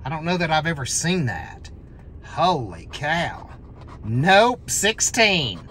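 A scratch-off lottery host, calling out numbers as they scratch and breaking into excited shouts at wins. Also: mid-range voice, slow, a little hiss or hum.

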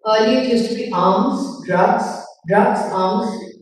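A woman's voice: on the high side, slow. A middle-aged woman author, talking bluntly and emphatically as a guest at a festival conversation, acting out the people she quotes. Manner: emphatic, blunt storyteller who acts out quotes. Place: festival hall. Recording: echoey hall, voice from far off.

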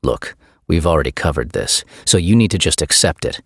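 A man's voice: a bass voice, lively intonation, fairly quick, fairly bright tone, dry recording, clean studio sound, exaggerated voice. A man voicing a firm, protective middle-aged father who speaks in a stern, commanding way. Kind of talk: audiobook character voice.

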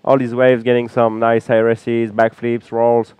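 A man with a French accent giving relaxed, chatty live commentary from a small booth at a beach event, with frequent fillers. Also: mid-range voice, a little slow, smooth, no echo. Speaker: color commentator.

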